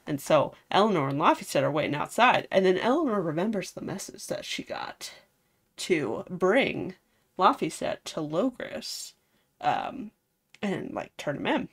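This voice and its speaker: Woman rambling thru a game recap, super lively up and down voice, lots of "like". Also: lowish voice, a little slow. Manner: chatty, rambling, lots of fillers. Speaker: game streamer.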